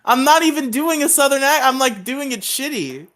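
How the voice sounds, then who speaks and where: A man's voice: very high-pitched, animated, moderate pace, a bit bright. A man co-hosting a podcast in casual chat, joking and teasing his guest. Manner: joking, laughing often. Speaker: podcast co-host.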